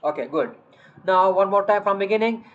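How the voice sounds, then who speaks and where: A Quran reading teacher, slowly drilling Arabic letters with a child, repeating each sound patiently and checking in with "okay, beta". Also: mid-range voice, animated. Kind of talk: slow letter-by-letter lesson to a child. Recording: dull lo-fi audio.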